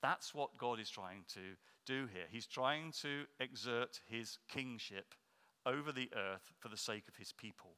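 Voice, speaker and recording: A man preaching a sermon, explaining earnestly and slowing down to stress key points. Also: medium pitch, pushed and bright, clean tone. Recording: long reverb of a hall.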